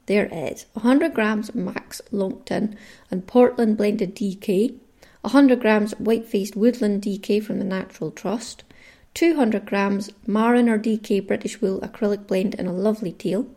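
A Scottish woman from Caithness talks through her podcast in a relaxed, chatty way, with a mellow, warm voice. Her Caithness accent is clear as she runs through long lists of listener names. Her pitch sits in an ordinary middle range for a woman. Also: a little slow. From Caithness, Scotland. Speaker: podcast host. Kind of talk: casual solo podcast chat.

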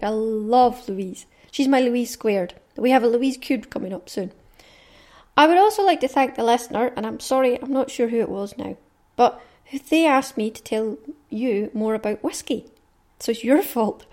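A Scottish woman hosts a podcast in a chatty, cheerful manner. Her voice sits a little high, and she sounds upbeat and enthusiastic. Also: a little mellow. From Scotland. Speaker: podcast host. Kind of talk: casual podcast chat.

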